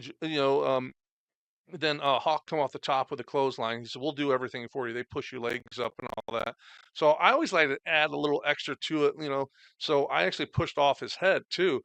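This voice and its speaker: A man's voice: fairly high pitch, creaky, fairly bright tone, smooth, no echo. A middle-aged man, a guest chatting casually and rambling with many fillers about his wrestling days. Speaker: podcast guest, former wrestler. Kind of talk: casual storytelling chat.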